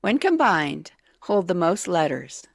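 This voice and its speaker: A woman's voice: fairly low pitch, very animated, measured pace, vocal fry, no echo. A woman co-hosting a morning radio show, reading trivia questions hesitantly with many fillers in a radio studio.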